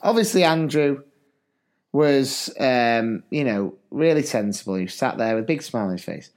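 A man's voice: mid-range voice, lively intonation, normal speed, darkish tone. Chatty man, rambling stories. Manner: rambling, chatty, lots of fillers and asides. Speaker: podcast co-host, teacher. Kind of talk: casual storytelling chat.

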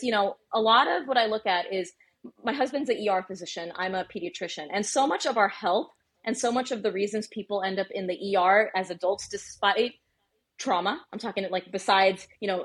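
A woman in her thirties with a slightly husky, breathy voice talks through parenting advice as an interview guest. She explains in an animated, teacherly way, sprinkling in "you know" and "right?" as she goes. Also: medium pitch. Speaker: pediatrician and parenting coach guest. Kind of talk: interview conversation.

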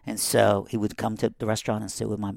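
A low-pitched, gravelly man spins a family story as a podcast guest and acts out each person in it. He is middle-aged and from Iran. The sound is close and dry, with no room sound. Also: quick pace, no room sound. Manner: animated, acting out quoted family members.

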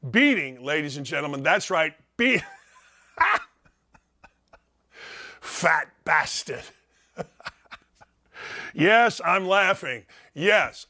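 A man hosting a sports talk show in a high-pitched voice. His tone is bright and sharp. He rants sarcastically and mocks with loud bursts. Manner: sarcastic, mocking, loud outbursts, frequent laughing asides.

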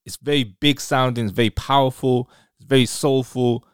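A man's voice: mid-range voice, steady tone, normal speed, clear, resonant tone, dry recording, clean studio sound. A man hosting a podcast, talking casually and enthusiastically with a guest. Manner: enthusiastic, effusive. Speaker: podcast host. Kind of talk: casual interview.

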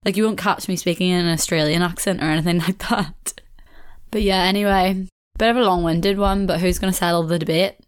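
Young Belfast woman, solo podcast host, lower voice, rambling and chatty. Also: fairly even intonation, a little fast, smooth. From Northern Ireland. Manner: chatty, rambling, laughs often, swears casually. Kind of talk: casual solo podcast chat.

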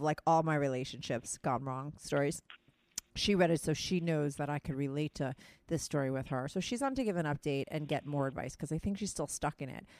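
A woman's voice: deep voice, no echo. A woman with a New Jersey or New York accent hosting a podcast, talking in a blunt, chatty way and swearing freely. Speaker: podcast host. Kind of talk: casual chat. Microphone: phone call with co-host.

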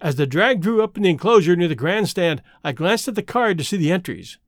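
A man narrating a story aloud in a clear storytelling manner. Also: high voice, expressive, a little fast, no echo, clean studio sound. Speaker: audiobook narrator. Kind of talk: scripted narration.

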